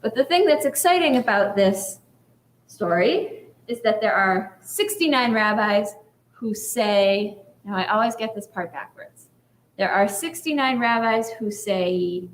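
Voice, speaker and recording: A woman's voice: on the high side, lively intonation, moderate pace, echoey room. A woman rabbi giving a conversational sermon, often checking in with "right?". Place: synagogue sanctuary.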